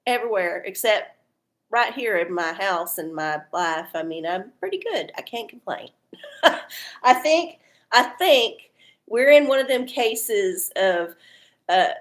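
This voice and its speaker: A woman hosting a casual live stream, chatty and folksy, swearing freely as she reads oracles. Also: medium pitch. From Texas.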